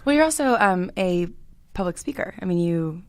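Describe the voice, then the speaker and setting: A woman's voice: lowish voice, animated, normal speed, no echo. A woman hosting a casual interview, asking friendly, chatty questions with fillers. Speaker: interviewer host.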